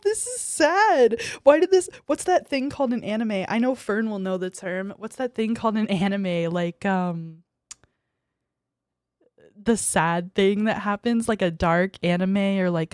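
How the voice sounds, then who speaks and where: A young female VTuber chats casually on stream, reading viewer messages in a giggly, bratty way and squealing when they tease her. Her mid-range voice is a little mellow, recorded in studio quality with no room sound.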